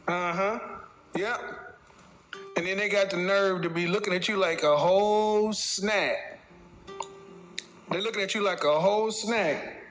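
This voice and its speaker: With a high, steady, sharp-toned voice, a dating commentator delivers a casual opinion monologue. He mocks and lectures, talking directly to his audience and slipping into quick impressions.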